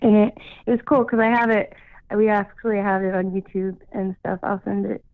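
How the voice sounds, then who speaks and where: A woman's voice: medium pitch, fairly even intonation, fairly quick, no echo. A woman calling in to a radio show, telling a story casually, with lots of "like" and "you know". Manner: chatty, full of "like" and "you know". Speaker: caller. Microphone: phone. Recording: tinny phone line.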